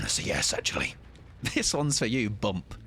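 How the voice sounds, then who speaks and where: Lively, jokey man streaming. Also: fairly low pitch, measured pace, vocal fry. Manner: playful, chatty, jokey asides. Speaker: game streamer. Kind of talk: casual live-stream commentary.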